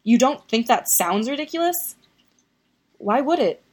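A woman's voice: high voice, expressive, unhurried, a little mellow, breathy edge, voice pushed up, heavily acted. A woman reading as a sarcastic young man. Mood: bitter. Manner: sarcastic, tense.

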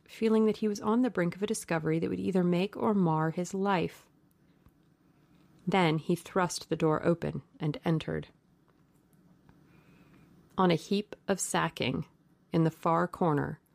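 Gravelly woman reading a classic novel. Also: on the low side, a little mellow, no room sound. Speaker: audiobook narrator. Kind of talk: scripted audiobook narration.

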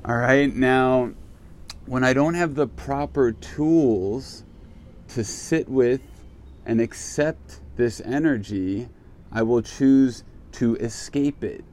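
A man's voice: mid-range voice, takes it slowly, darkish tone. Candid swearing man musing aloud. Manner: candid, swears casually, acts out his own reactions. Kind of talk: casual reflective monologue.

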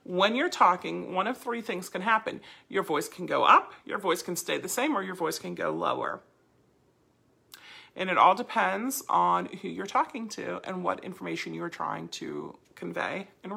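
A woman with a bright, gravelly, slightly husky voice on the low side leads a dog training lesson. She teaches in a lively, chatty way and slips into playful voice demonstrations.

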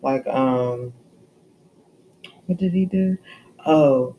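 A woman's voice: a bass voice, very slow, warm tone, lo-fi sound, slight background noise. A woman co-hosting a casual podcast, telling playful, laughing stories about her childhood and her kids. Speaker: podcast co-host. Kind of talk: casual chat.

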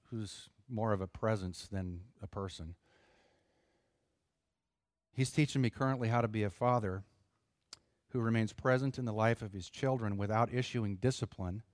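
A middle-aged man preaching a sermon in an earnest, conversational way, pausing for emphasis. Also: lowish voice, dry recording, clean studio sound. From United States. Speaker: pastor.

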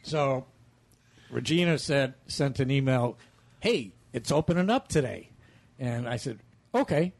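A man's voice: mid-range voice, lively intonation, a little slow, creaky. A man with a mid-range voice, chatting casually as a regular on a roundtable podcast. He rambles through stories with plenty of fillers and laughs at himself. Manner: rambling, self-mocking storyteller. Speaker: regular panelist. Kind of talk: casual chat.

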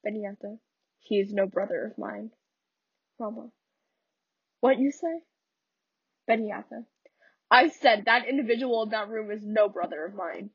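A woman's voice: medium pitch, measured pace, long pauses, slightly rough, no room sound, dull audio. Woman doing a proud, angry young daughter. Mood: cold.

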